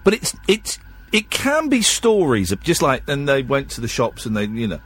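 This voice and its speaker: A tired man hosts a late-night radio show, chatting and rambling with plenty of self-deprecation. His pitch swings in a lively way and his voice carries a slight husk. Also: moderate pace, breathy edge.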